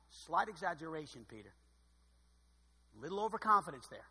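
A man preaching a sermon as pastor, expressive and dryly sarcastic, with loud emphatic bursts and quiet asides. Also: high voice, fast talker, husky, long reverb tail.

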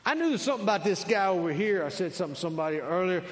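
A man preaching to a congregation, his fairly high voice ringing through a large sanctuary with a long reverb tail. He moves between loud, emphatic declarations and quiet, conversational asides. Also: expressive, very fast. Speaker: pastor. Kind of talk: sermon.

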